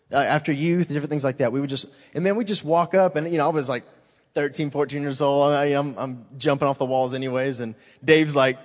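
In a big-room setting, a man with a slightly high voice gives an informal, earnest testimony to a church congregation. He excitedly urges them on and peppers his talk with "man."

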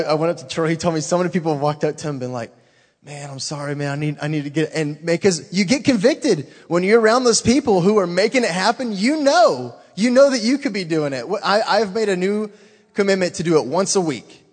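A man giving an informal, earnest testimony to a church congregation, excitedly urging them on and filling his talk with "man". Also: high voice, fairly quick, in a large hall.

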